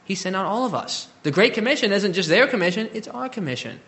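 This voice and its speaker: Animated male preacher with a lively voice. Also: sits high. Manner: dynamic delivery, swinging between loud emphasis and soft, drawn-out scripture reading. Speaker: pastor. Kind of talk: sermon.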